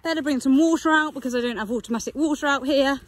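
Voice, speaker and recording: A woman's voice: high voice, fast talker, no room sound. A chatty woman vlogging about horse gear, laughing often and talking to her animals as she goes. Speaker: equestrian vlogger. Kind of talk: casual vlog chat.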